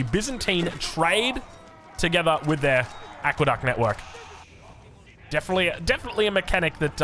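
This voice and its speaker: An Australian man giving energetic, jokey commentary on a strategy game match. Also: a little high. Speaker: game caster. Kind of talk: excited esports commentary.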